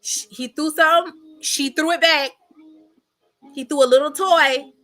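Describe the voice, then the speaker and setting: A woman's voice: sits high, steady tone, unhurried, a bit bright. A woman hosting a reaction commentary, blunt, mocking and sassy as she replays clips. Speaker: commentary channel host.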